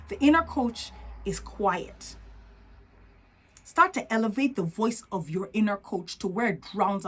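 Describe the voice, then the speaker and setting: An earnest woman with a non-native accent coaches her audience on confidence in a motivational talk. Her voice sits at a medium pitch, and she keeps checking in with the listener. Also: husky. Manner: earnest, coaching, often asks "right?".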